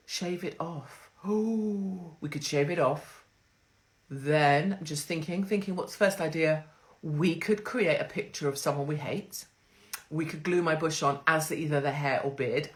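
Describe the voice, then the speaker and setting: A middle-aged woman, hosting a crude, sarcastic livestream monologue from home on her phone. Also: sits low. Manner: brash, crude, sarcastic, swears freely. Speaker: livestream host.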